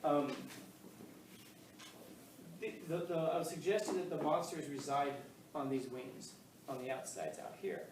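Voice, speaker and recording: A man's voice: on the high side, unhurried, long pauses. A male teacher giving a casual, joking classroom lecture, full of fillers and questions to the class. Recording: echoey classroom, mic far off, faint noise.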